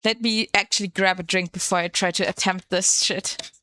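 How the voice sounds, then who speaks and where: A woman's voice: mid-range voice, fairly even intonation, moderate pace, bright, forceful tone, slight background noise. A woman streamer chatting casually on a live stream, playful and swearing freely into a desk microphone.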